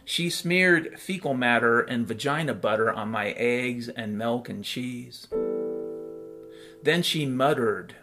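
A man delivering a rambling monologue, profane and sardonic, sliding into deadpan absurdist storytelling. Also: mid-range voice, takes it slowly. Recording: faint piano music behind.

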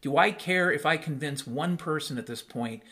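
A man hosting a solo podcast, his voice sitting a little higher than most men's. He rants bluntly at his listeners, sarcastic and quick to swear, and keeps firing rhetorical questions at them. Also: pushed and bright. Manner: blunt, profane, sarcastic rant. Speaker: podcast host.

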